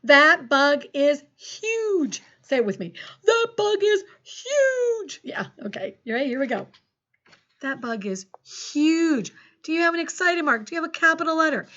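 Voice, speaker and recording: A woman teaching a recorded phonics lesson to second graders, encouraging and slowly dictating sentences with big swings in her voice. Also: high voice, fairly bright tone, lo-fi sound.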